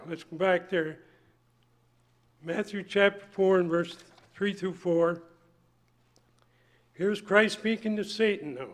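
An older man preaching a folksy sermon, emphatic and swinging between loud points and hushed asides. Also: high-pitched.

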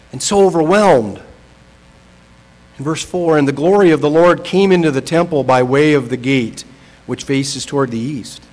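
A man preaching a sermon with a somewhat high voice. He moves between quiet and emphatic passages, reads scripture aloud, and slows down to stress key words. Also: poor audio. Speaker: pastor.

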